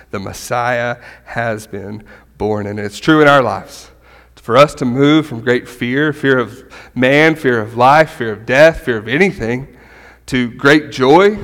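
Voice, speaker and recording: A middle-aged man giving a conversational sermon as a pastor, animated and often checking in with "right?". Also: medium pitch. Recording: long hall reverb.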